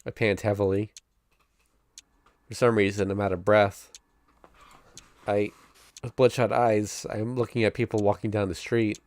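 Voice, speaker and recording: A man streaming, reading a visual novel aloud in steady first-person narration and breaking off now and then with chuckling asides. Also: lowish voice, measured pace, pauses often, no echo.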